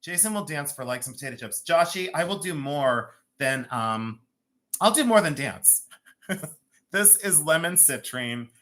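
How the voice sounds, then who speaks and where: A bright, forceful voice of a host selling rings on a live stream from home. The talk is loose and joking, with frequent laughter between prices and stone names. Pitch sits in the middle of the range. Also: expressive, unhurried. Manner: chatty, joking, laughs often. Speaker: host of a live jewelry sale.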